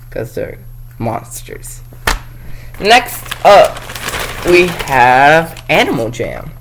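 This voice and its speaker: Male vlogger, casual comic review, excitable, jokey, rambling, unhurried delivery. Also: fairly high pitch, low-quality recording.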